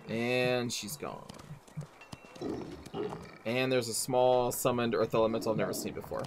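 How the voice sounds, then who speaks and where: A man's voice: mid-range voice, steady tone, a little slow, pauses often, a little hiss or hum. A man giving casual let's play commentary, musing aloud and reading game text. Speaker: game streamer.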